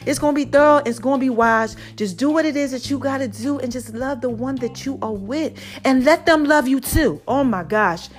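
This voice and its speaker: Woman, podcast host, high voice, preachy and affectionate, soft sultry murmurs, faint music behind. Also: moderate pace, few pauses.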